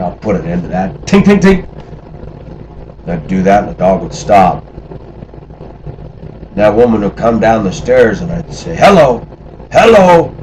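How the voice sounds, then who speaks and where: A man's voice: on the low side, a little mellow. Middle-aged man, casual storytelling, acts out quoted voices, noisy background with passing traffic. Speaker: storyteller recalling life abroad.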